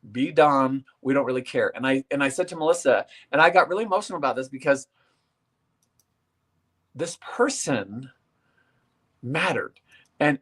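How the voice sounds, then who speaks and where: A man's voice: a little high, fairly bright tone. Earnest man telling an emotional story. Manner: earnest, repeats words when moved. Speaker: guest.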